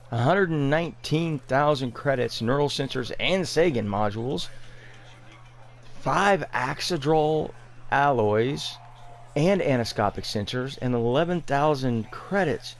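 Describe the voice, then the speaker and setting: A man's voice: mid-range voice, animated, measured pace, a little hiss or hum. Man ranting sarcastically over gameplay. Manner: sarcastic, incredulous, exasperated ranting. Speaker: gaming video creator. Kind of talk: gameplay commentary rant.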